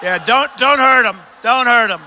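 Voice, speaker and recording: A man from New York giving a campaign rally speech in a large arena, speaking loudly in short, repeated phrases into a podium microphone. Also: moderate pace, a little hiss or hum. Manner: loud, repetitive short phrases to a crowd. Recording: booming echo of a big arena.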